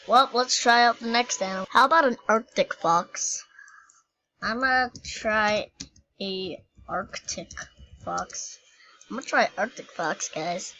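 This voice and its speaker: A woman's voice: medium pitch, fairly bright tone, poor audio. A woman giving playful, giggly gameplay commentary as a YouTuber. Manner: playful and giggly, silly jokes. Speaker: gaming YouTuber.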